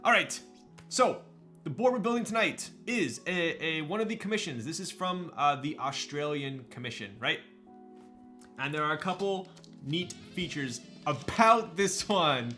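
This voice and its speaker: A man's voice: fairly high pitch, lively intonation, measured pace, pushed and bright, soft background music. A man chatting casually on a live stream, hyped up, thanking viewers and laughing often while building a keyboard.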